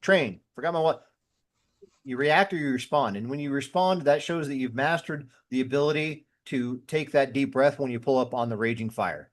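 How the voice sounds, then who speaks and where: A medium-pitched man talks fairly quickly with hardly any pauses, appearing as a podcast guest who was a firefighter. In casual conversation he recounts everyday moments and dramatizes his inner voice in quotes.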